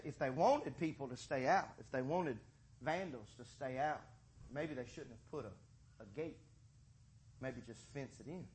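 A man preaching a sermon, moving between quiet, folksy storytelling and loud, rising passages. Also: fairly high pitch, breathy edge.

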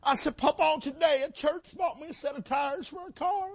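This preacher's very high voice is creaky, moving at a moderate pace with few pauses. Inside a church sanctuary, he gives an impassioned sermon, rising and falling while calling out to the congregation.

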